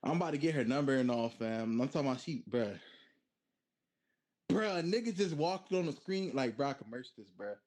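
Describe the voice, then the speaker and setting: A young man on a video chat app telling a story in an animated, slang-heavy way. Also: mid-range voice, a little fast.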